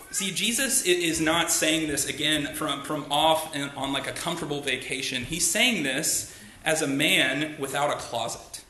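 A man's voice: on the high side, sharp tone, slight background noise. A man pastor giving a sermon in a church, talking conversationally and asking the congregation rhetorical questions. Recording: echoey room.

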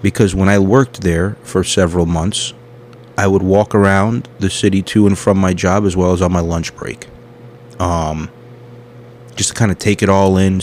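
A deep-voiced man hosting a comedy podcast, talking in a loose, rambling way. He jumps between tangents with crude, self-mocking humor. A faint hiss sits under his voice. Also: darkish tone. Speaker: podcast host.

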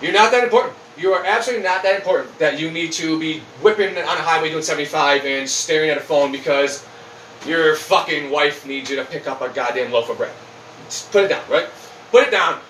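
Podcast host, male, high bright voice, blunt profane ranting, roomy distant sound. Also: brisk. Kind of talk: casual ranting chat. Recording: roomy, distant mic, faint noise.

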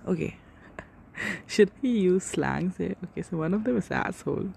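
A woman's voice: lowish voice, animated, normal speed, creaky, a little mellow, a little hiss or hum. A young woman in her twenties hosting a casual solo podcast, rambling and swearing freely as she corrects herself. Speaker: podcast host.

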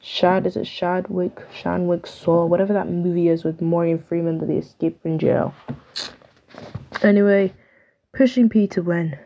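A woman's voice: on the low side, fairly even intonation, normal speed, vocal fry, warm tone, lo-fi sound. A young woman hosting a podcast, talking casually and opinionatedly, with lots of "like" fillers. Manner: chatty, opinionated, filler-heavy with "like". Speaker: podcast host. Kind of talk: casual solo podcast chat.

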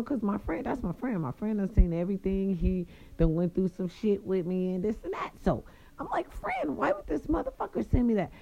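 A woman telling viewers a personal story in a casual, animated, profane way. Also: fairly low pitch, gravelly, highs cut off.

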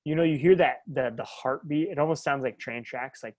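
A man in his thirties co-hosting a podcast, talking in a rambling, animated way and laughing often. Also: medium pitch, fairly quick, dry recording. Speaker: podcast co-host. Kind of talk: casual chat.

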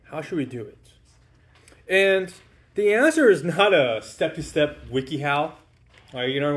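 Talking to his congregation as if they were friends, a male pastor gives a laid-back, informal sermon in a voice a touch higher than the typical man's. His manner is conversational, sprinkled with casual fillers and repeated "right?" checks.

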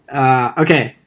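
A young man hosting a casual chat about movies, animated and quick to laugh. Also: medium pitch, breathy edge. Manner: animated, laughing, quoting movie lines in funny voices. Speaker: podcast host.

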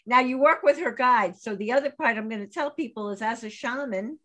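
A woman's voice: fairly high pitch, brisk, fairly bright tone. A woman hosting a casual interview, who praises her guest effusively and asks long, winding questions. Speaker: interview host.

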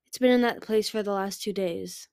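A woman's voice: medium pitch, normal speed, a little mellow, no room sound, natural voice. A brooding young male dragon speaks from a storybook in an earnest, pleading way. He sounds intense but troubled, as a woman reading aloud voices him. The recording is dry and close.

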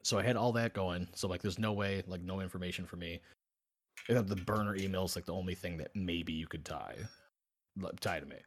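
Profane, animated man telling a story. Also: low-pitched, fairly quick, slight background noise. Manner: animated, profane, acts out both sides of chats. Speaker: podcast co-host. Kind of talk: casual storytelling chat.

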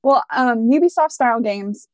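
Young adult female co-host, slightly high voice, dry close mic, chatty storyteller. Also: normal speed, no room sound. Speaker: podcast co-host. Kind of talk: casual chat.

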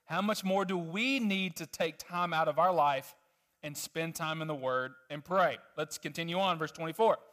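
A man preaching a sermon to a congregation with children, animated and emphatic, often asking the audience questions. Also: a little high, moderate pace. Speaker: pastor.

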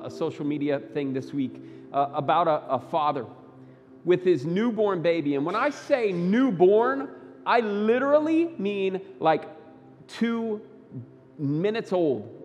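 High-voiced preacher man in an echoing church. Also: slight background noise. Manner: emphatic preaching, swinging between loud high bursts and quiet low lines. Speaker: pastor. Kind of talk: sermon. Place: church sanctuary.

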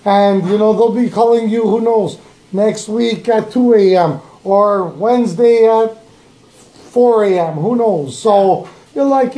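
A young man co-hosting a podcast tells a story in a laid-back, casual chat, chuckling often. His voice is high-pitched, slow, and mellow, with a reverberant sound.

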